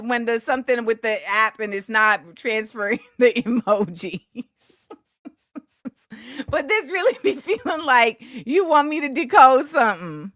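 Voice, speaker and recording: A woman hosting a casual livestream, greeting her viewers in an animated, hyped-up way. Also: high voice, no room sound, clean studio sound. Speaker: host.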